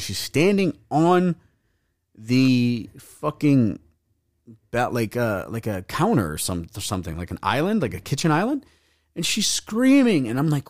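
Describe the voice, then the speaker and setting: A man's voice: medium pitch, sing-song, a little slow, long pauses, no room sound, studio quality. A young man hosting a podcast, telling a rambling, profane story in casual chat and acting out the voices of the people in it. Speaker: podcast host. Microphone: podcast mic.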